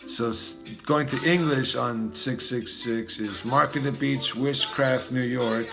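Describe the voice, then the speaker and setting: A man's voice: mid-range voice, takes it slowly, gravelly, music in the background. A man in a profane, free-associating monologue, rambling from one loose word link to the next and muttering some lines. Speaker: vlogger.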